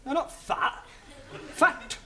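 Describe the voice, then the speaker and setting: An actor playing a patient but exasperated English teacher in a 1970s studio sitcom. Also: male voice, very high-pitched, big pitch swings, brisk, noisy background. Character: flustered young English teacher, adult man.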